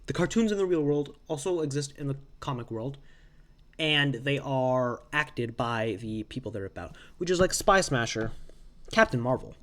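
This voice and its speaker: Rambling young man recapping comics. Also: mid-range voice. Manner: rambling, self-interrupting, animated asides. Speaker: comics reviewer. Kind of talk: casual recap monologue.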